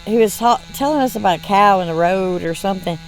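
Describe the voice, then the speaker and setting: A faint hiss or hum accompanies a gaming channel host talking fast in a mid-range voice. Michigan-born, Southern-raised and Southern-accented, she rambles casually over gameplay, laughing between her words.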